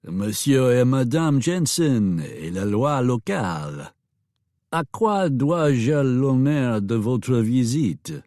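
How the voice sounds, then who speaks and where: A man's voice: medium pitch, sing-song, slow pace, darkish tone, no room sound, studio quality, voice pushed up. A man voicing a polished, gallant saloon owner with a French accent, in a flowery, courtly manner, for an audiobook.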